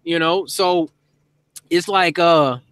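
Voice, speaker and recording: Easygoing man with a slightly high voice. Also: fairly even intonation, takes it slowly, a bit bright, clear, resonant tone. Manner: laid-back, rambling, laughs often. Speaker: host. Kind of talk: casual chat.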